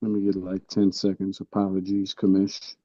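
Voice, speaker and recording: Grumbling panelist on a dull remote line. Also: male voice, low-pitched, completely flat delivery, moderate pace, mellow. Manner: grumbling, self-mocking. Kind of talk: casual chat.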